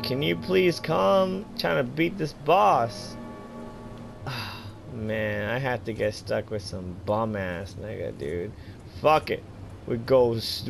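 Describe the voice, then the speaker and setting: A drunk man giving profane, excitable, slangy commentary while playing a video game, with game music behind him. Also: fairly low pitch, vocal fry. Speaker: gamer playing live.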